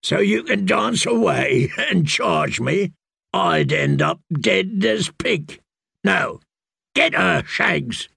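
A scornful, fierce spearman, as a male narrator puts him on, taunting slowly in a raised, gravelly voice. The sound is close and dry. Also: high voice, big pitch swings, pushed and bright, dry recording, voice pushed up, exaggerated voice. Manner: taunting, slow and snarling. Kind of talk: audiobook character voice.

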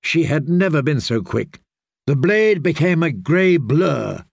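A man narrating an audiobook in a measured, deliberate storytelling manner. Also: on the high side, big pitch swings, gravelly, breathy edge, no room sound, studio quality.

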